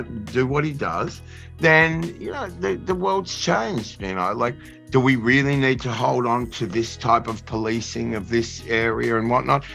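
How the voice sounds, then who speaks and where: A man, an actor being interviewed, rambling in a halting way with lots of fillers and repeats. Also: mid-range voice, creaky, sharp tone. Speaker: actor guest. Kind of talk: casual interview chat.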